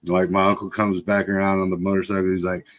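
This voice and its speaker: A man's voice: deep voice, completely flat delivery, fast. Profane laughing man spinning a yarn. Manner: profane, laughs often while telling. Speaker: live stream host. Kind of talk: casual storytelling. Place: home setup for a live stream.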